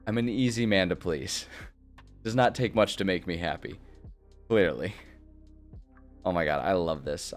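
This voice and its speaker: A man streaming a casual build session, chatting cheerfully and sounding easily delighted. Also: fairly low pitch. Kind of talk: casual live-stream chat while building.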